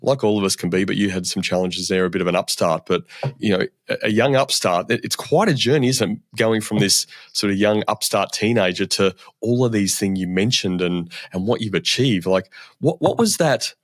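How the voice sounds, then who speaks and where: Male host, low-pitched, halting questioner, dry close audio. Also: no room sound. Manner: halting, repeats words as he asks. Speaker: podcast host. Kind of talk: interview questions.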